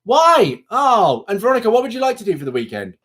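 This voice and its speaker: A young man hosting a livestream, chatting casually with viewers in an animated, rambling way. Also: high-pitched, fast. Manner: chatty, animated, self-interrupting. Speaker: livestream host. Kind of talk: casual live chat with viewers.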